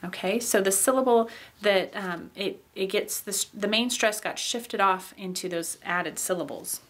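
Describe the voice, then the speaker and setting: A woman teaching a pronunciation lesson, explaining step by step and repeating each example word slowly, with frequent "okay" and "um" fillers. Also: mid-range voice, a bit bright. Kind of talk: recorded pronunciation lecture.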